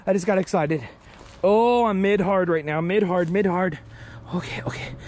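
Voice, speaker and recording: A man vlogging as he explores outdoors, excitable and joking, swearing and easily startled. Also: sits high, normal speed. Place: outdoors, roadside ditch and bushes.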